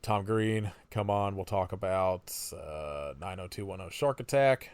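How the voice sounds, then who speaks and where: A man's voice: deep voice, a little slow, creaky, clean tone, dry recording. A man co-hosting a podcast, rambling casually with fillers and chuckles. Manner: rambling, laughs between thoughts, many fillers. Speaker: podcast co-host. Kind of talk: casual chat.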